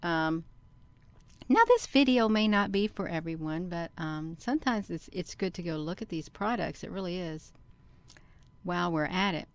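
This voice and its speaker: Smooth-voiced woman narrating her screen. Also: on the low side, normal speed, dry recording. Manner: excitable, bursts into loud exclamations; talks to herself by name and to viewers. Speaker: channel host. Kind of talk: casual screen-share commentary.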